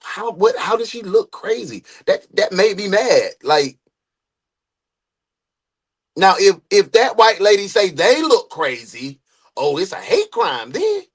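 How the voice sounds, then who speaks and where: A man hosts a live true crime reaction stream from a home setup, reading chat aloud and tossing in loud, animated asides. His voice sits high and swings widely in pitch. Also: slow pace. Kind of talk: casual live stream commentary.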